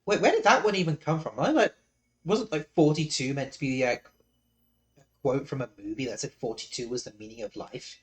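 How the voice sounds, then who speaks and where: A man's voice: mid-range voice, fairly quick. A man streaming a game live, chatting casually and airing opinions. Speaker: streamer host.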